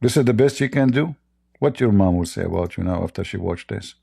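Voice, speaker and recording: A man's voice: on the low side, brisk, gravelly, dark tone, husky. A man hosting a live debate stream, mocking and combative, speaking in broken English. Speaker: debate host.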